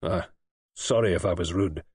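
Bitter hospital patient, indignant and curt, low husky voice, read by a man. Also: lively intonation, moderate pace, darkish tone, dry recording, clean studio sound. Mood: irritable.

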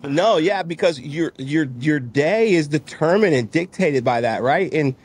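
With a fairly high, husky voice and a measured pace, a man in his thirties who runs a business gives a casual conversational interview. He speaks openly and brings his stories to life by performing other people's voices.

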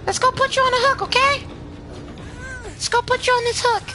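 A man doing a squeaky gloating killer voice. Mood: gloating singsong. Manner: singsong gloating, drawn-out.

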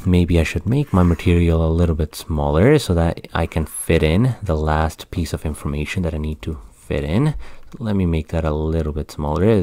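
A man's voice: low-pitched, a little mellow, no echo. A man teaching the Punjabi script in an online lesson, explaining patiently and repeating words as he goes. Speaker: language tutor.

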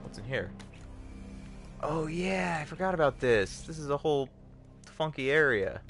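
A young man hosting a livestream, giving casual, jokey gameplay commentary with sudden excited yelps. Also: mid-range voice, brisk, faint music behind. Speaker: livestream host.

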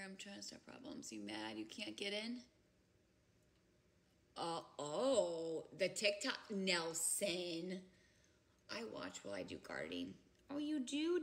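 A woman's voice: mid-range voice, sing-song, a little slow. Giggly, chatty woman livestreaming from home. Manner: giggly, chatty, breaks into loud laughter. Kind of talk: casual livestream chat with viewers. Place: home, indoors.

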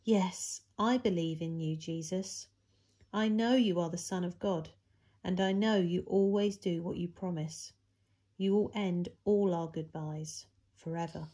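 A woman's voice: on the low side, steady tone, measured pace, dark tone. A woman voicing a worried, grieving woman who pleads earnestly with a friend, in a children's Bible story.

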